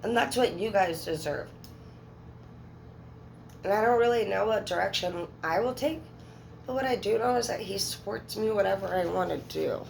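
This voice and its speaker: A woman's voice: medium pitch, moderate pace, creaky, long pauses, slight background noise, poor audio. A woman in her thirties speaking candidly and emotionally to her viewers as a tarot reader, swearing freely. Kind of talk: casual monologue to viewers.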